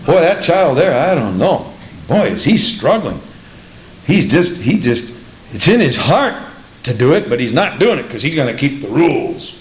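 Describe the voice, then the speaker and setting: A man's voice: on the high side, big pitch swings, moderate pace, reverberant, rough recording. A man preaching a sermon in an emphatic way, repeating lines and asking the congregation questions.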